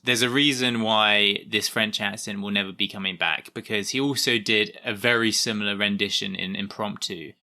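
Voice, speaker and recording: A man's voice: on the low side, steady tone, moderate pace, few pauses, bright, forceful tone. A man co-hosting a podcast, chatting and laughing casually about a film. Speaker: podcast co-host. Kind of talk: casual chat reviewing a film.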